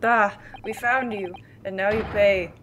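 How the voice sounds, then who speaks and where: A woman's voice: mid-range voice, steady tone, unhurried, background noise, pitched below the performer's own voice, lightly acted. A woman voicing a blunt adult male Russian sailor in a game, speaking broken English in a fairly plain voice. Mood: stern.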